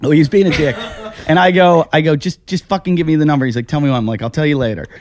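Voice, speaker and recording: An American man hosting a casual talk show, telling a long story in an animated way, swearing and laughing at himself. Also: a little high, quick pace, slight background noise. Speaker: podcast host. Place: house.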